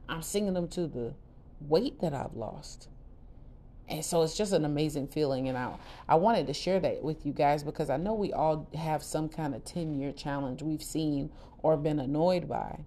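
A middle-aged woman hosting a podcast, telling her personal story candidly in a casual, expressive way with lively quoted asides. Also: deep voice. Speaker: podcast host.

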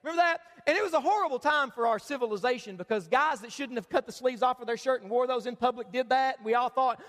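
High-voiced man preaching in a hall. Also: fast talker, hardly any pauses, a bit bright. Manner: conversational and joking, involves the crowd. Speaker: pastor. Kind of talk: sermon. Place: church auditorium.

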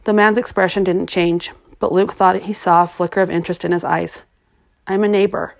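A woman's voice: on the low side, fairly even intonation, a little fast, vocal fry. Woman reading a novel aloud. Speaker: audiobook narrator. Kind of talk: scripted narration.

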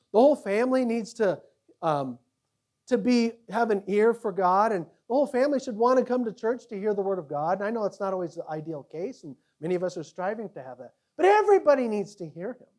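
A male pastor preaching a sermon, acting out quoted voices and swinging between loud emphasis and quiet asides. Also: high-pitched, big pitch swings, a little fast.

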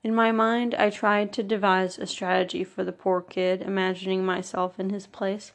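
A woman narrates a memoir in the first person, her voice set at an ordinary middle pitch. There is a steady gravelly fry running through her delivery. She stays earnest and measured, pressing on each word in a list. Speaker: audiobook narrator.

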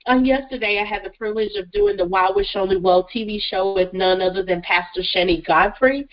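A woman's voice: medium pitch, highs cut off. Congested, effusive woman radio host. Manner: enthusiastic, effusive, repeats "listen" and "guys". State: stuffy, congested from a cold. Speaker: radio show host, therapist and motivational speaker. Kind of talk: upbeat solo radio show monologue.

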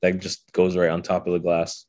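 Guy with a lowish voice, laid-back, tipsy, lots of ums, dry mic. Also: completely flat delivery, moderate pace, darkish tone, no echo. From United States. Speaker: podcast guest. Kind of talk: casual drunk chat.

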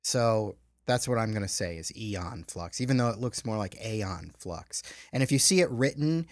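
A man's voice: mid-range voice, brisk, dry recording, studio quality. A middle-aged man hosting a film podcast, reading a polished intro, then chatting casually. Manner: reads a polished intro, then relaxed banter. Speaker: podcast host.

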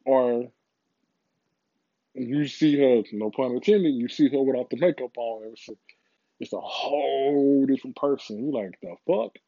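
A man's voice: mid-range voice, fairly even intonation, moderate pace, mellow, dry recording. Guy rambling and cussing about self-worth, muffled dry lo-fi audio. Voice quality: profane, rambling, repeats himself. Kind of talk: casual motivational monologue.

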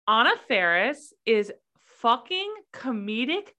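A woman's voice: a little high, sing-song, takes it slowly, sharp tone. A woman co-hosting a podcast, chatting emphatically about movies, repeating words for effect and swearing. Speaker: podcast co-host. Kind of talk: casual chat.

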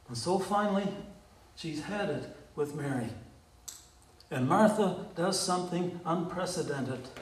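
A man preaching a sermon deliberately, asking his congregation questions. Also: on the high side, darkish tone, reverberant, distant mic, poor audio. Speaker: pastor.

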